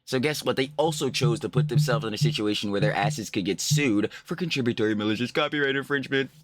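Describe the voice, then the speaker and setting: A man's voice: medium pitch, quick pace, no room sound. A young man giving profane, mocking reaction commentary, ranting and laughing. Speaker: commentary YouTuber.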